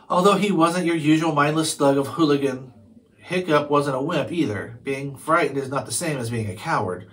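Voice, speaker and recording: A man's voice: fairly high pitch, normal speed, a bit bright, low-quality recording. A man reading a children's chapter book aloud, now and then stumbling over a word and correcting himself. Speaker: storybook reader.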